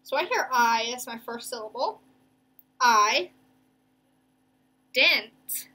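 A young woman teacher giving a remote reading lesson to children, slowly stretching out each word as she sounds it. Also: on the high side, big pitch swings, a bit bright. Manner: slow, stretched-out sounding of words.

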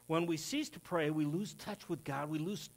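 A pastor preaching a sermon in a church, telling stories and voicing the people he quotes. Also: normal speed. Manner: storytelling, acts out quoted voices with rising pitch. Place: church sanctuary.

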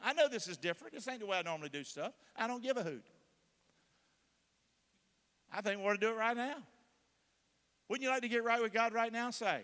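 A man's voice: sits high, sharp tone. A middle-aged man preaching a sermon, leading the congregation in prayer and pressing them to answer back. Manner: emphatic, leads prayer, calls on the congregation. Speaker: pastor. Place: large church hall. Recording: long hall reverb from a church.

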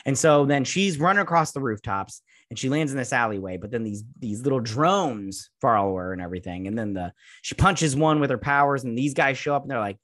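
A man talks through a TV episode in a loose, rambling recap, full of ums and uhs and mocking side comments. His voice sits at an ordinary middle pitch, and the sound is dry and close, with no room echo. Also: lively intonation, brisk, fairly bright tone. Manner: rambling, filler-heavy, sarcastic asides. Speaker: show reviewer. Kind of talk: casual episode recap and review.

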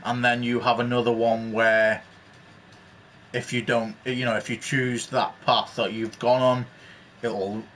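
Slow-talking man explaining a game. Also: medium pitch, level tone, a bit bright, a little hiss or hum. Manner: explanatory, rambling with fillers. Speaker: gaming channel host. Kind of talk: let's play commentary.

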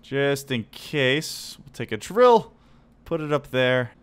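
A man hosting a let's play, giving chatty, excitable commentary while he builds and fights. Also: mid-range voice, slow pace. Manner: excitable and chatty, laughs and exclaims. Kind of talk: casual gameplay commentary.

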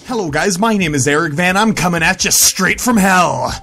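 A young man talks through his gameplay into a headset, yelping, squealing and groaning whenever he fails. His pitch swings widely from low mutters to high shrieks. Faint music plays behind him. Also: animated, normal speed, creaky, bright, forceful tone. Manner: yelps, squeals and groans at failures. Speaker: gaming YouTuber. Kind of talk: excitable gameplay commentary.

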